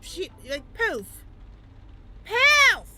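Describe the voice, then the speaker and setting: A woman's voice: extremely high pitch, lively intonation, slow, sharp tone, faint music behind, voice pushed up, heavily acted. A woman voicing a drunk man in a green superhero suit, with a put-on Southern American accent and a tipsy, playful drawl.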